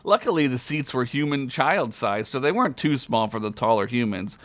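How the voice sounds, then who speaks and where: A man's voice: expressive, normal speed, dry recording. A man reading a comedic fantasy story aloud on a podcast, chuckling often as he goes. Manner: reads aloud with frequent chuckles, loud high character voices.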